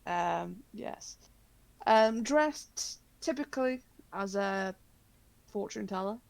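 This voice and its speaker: A woman narrating a tabletop horror game as game master, halting, with many fillers and frequent laughs. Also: medium pitch, animated, vocal fry, no room sound.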